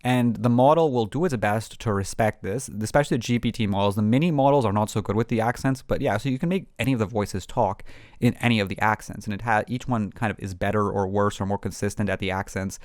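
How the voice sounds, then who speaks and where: Male tutorial host with a lowish voice, chatty and unscripted, full of fillers, dry close sound. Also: fast, darkish tone, no echo. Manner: rambling, many ums and restarts. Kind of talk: casual screen-recorded tutorial.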